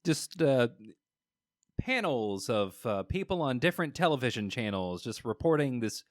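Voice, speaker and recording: A man co-hosting a podcast, chatting casually and hesitantly with many pauses to find his words. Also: medium pitch, very animated, dry recording, clean studio sound. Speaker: podcast co-host. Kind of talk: casual chat reviewing comics.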